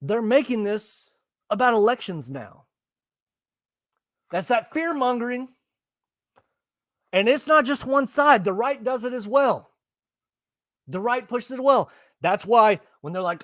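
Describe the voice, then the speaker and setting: A man's voice: high-pitched, animated, unhurried, long pauses, no room sound. A man ranting bluntly and profanely while reacting to the news in casual commentary. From Texas. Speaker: political commentary host.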